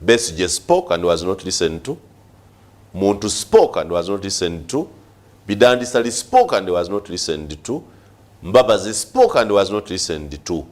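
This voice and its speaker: A Ugandan man debating on a studio talk show, his fairly low voice swinging widely in pitch. He presses his point with repeated rhetorical questions and mixes English with Luganda. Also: big pitch swings, moderate pace.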